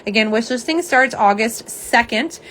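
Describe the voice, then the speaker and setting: Young woman, slightly hoarse, somewhat high voice, chatty, self-deprecating, casual live-stream host. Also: normal speed, fairly bright tone, a little hiss or hum. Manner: chatty, self-deprecating, reads viewer comments aloud. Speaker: live stream host showing nail polish swatches.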